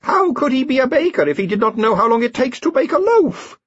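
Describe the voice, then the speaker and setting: An excitable old slave inventor, voiced by a man, fussy and eager, his voice pushed high and leaping all over the place. Husky at the edges, it sits in a dry, muffled audiobook recording. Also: brisk, no room sound, full character voice. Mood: puzzled.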